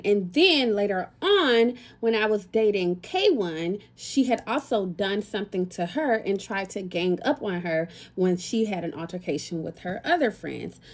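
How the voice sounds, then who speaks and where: A young American woman telling a casual storytime vlog, chatty and talking straight to her viewers with a lot of slang. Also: medium pitch. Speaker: lifestyle content creator.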